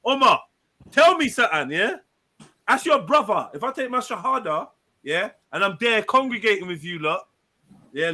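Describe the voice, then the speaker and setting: High bright voiced guy on a live panel stream, joking around, swearing a lot. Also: dry recording. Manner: joking, teasing, swears freely. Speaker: panel host. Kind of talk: casual live-stream banter.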